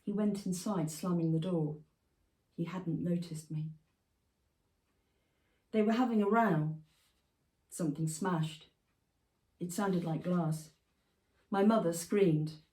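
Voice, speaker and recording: Author reading, female, measured and expressive; low, dark tone, recorded from a distance in an echoey room. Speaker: prize-winning author reading her own memoir piece. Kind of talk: literary reading. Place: festival venue. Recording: roomy, from a distance.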